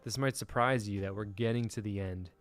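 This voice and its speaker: A man's voice: fairly low pitch, brisk, no room sound. A man hosting a casual livestream podcast in a laid-back way, reading out viewer comments and steering the agenda. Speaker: podcast host.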